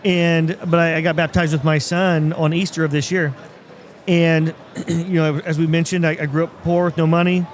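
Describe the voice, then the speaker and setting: Male podcast host, fairly high voice, reflective, faint traffic behind. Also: little pitch movement, moderate pace. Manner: affirming listener, reflective. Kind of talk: casual chat.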